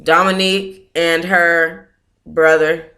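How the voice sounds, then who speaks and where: A woman hosts a casual online book club chat with a bright, clear tone. She talks slowly and mutters to herself, then breaks into excitable, dramatic outbursts. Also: fairly low pitch.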